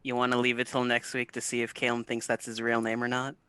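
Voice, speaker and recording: A man who plays in a tabletop game, chatting in a relaxed, joking way as he signs off. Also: medium pitch, fast talker, smooth, dry recording. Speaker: player. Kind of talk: casual sign-off chat.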